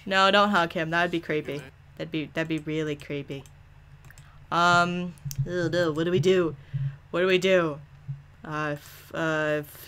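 A woman's voice: deep voice, fairly even intonation, unhurried, long pauses, fairly bright tone, smooth. A young woman chatting playfully through a let's play, teasing the characters and laughing often. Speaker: gaming video creator.

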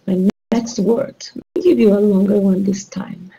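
A woman's voice: medium pitch, fairly even intonation, unhurried, gravelly, warm tone, muffled recording. A woman teaching English online, running a rhyming word game and patiently repeating clues and praising her students.

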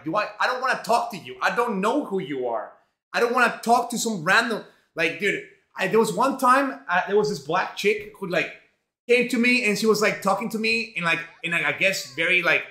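A man's voice: high-pitched, pushed and bright. A young man from Mexico streaming live while he cooks, chatting casually in a rambling, profane way full of fillers. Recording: roomy home echo.

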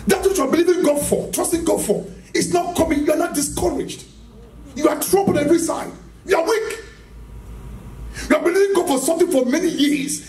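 A man's voice: very high voice, a little fast, a little mellow. A man preaching a charismatic sermon, emphatic and repetitive, asking the congregation questions and laughing as he speaks. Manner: emphatic, repeats phrases, rhetorical questions to the audience; laughs often while preaching. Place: church hall. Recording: echoey hall, mic from a distance.

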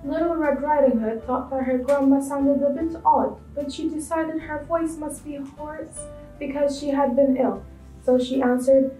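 Female storyteller for kids, high mellow voice, expressive reading, echoey room mic. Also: unhurried, far from the mic, soft background music. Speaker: storyteller for school children. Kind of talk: children's story read aloud.

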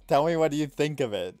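Young guy streaming a game, rambly and self-mocking, laughs a lot, soft music in the back. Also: a little high, no echo, studio quality. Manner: chatty, self-mocking, laughs at himself, swings between mumbling and loud outbursts. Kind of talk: casual gameplay commentary.

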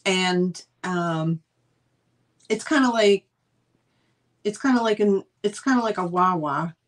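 A woman's voice: medium pitch, animated, takes it slowly. A woman, hosting a live sale stream and chatting in a rambling, casual way with lots of fillers.

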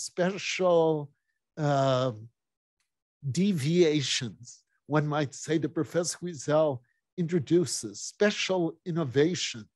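Slow, hesitant male presenter, dry sound. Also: a little high, a little mellow, no room sound. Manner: hesitant, searching for words. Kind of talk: introducing archive clips.

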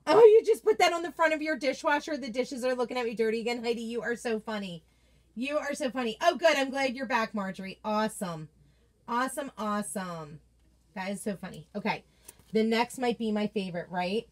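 A woman hosts a casual livestream and chats with viewers. She gushes with enthusiasm in a fairly high voice. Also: fairly quick. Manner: gushing, enthusiastic. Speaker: craft seller host. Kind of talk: casual livestream chat reading viewer comments.

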